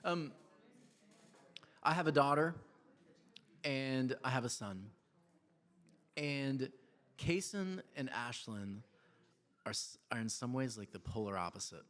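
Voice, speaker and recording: A man in his thirties preaching a sermon in a church, telling family stories in a conversational, animated way with laughs and quiet asides. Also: medium pitch, takes it slowly, pauses often. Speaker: pastor.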